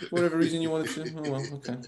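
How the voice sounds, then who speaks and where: A man's voice: fairly high pitch, rapid-fire, echoey room. A man co-hosting a casual football podcast, joking and telling stories. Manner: joking, animated storyteller who slips into mock voices. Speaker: podcast co-host.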